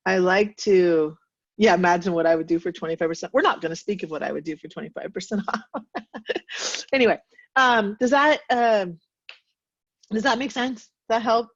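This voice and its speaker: A woman's voice: mid-range voice, normal speed, pauses often, no room sound, lo-fi sound. A woman leading a sales team meeting in a casual, chatty way, laughing often and poking fun at herself.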